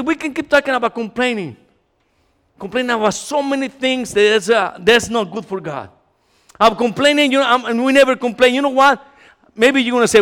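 A male pastor with a notably high voice delivers a conversational sermon in a church sanctuary. He talks to the congregation in an animated way, swinging between loud and quiet. His words carry a long hall reverb. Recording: echoey hall.

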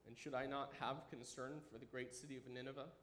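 A man's voice: mid-range voice, quick pace, a little hiss or hum. Enthusiastic man preaching in an echoey room. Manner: animated, enthusiastic preaching with sudden drops to quiet. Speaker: pastor. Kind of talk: sermon. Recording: echoey room with faint ambience.

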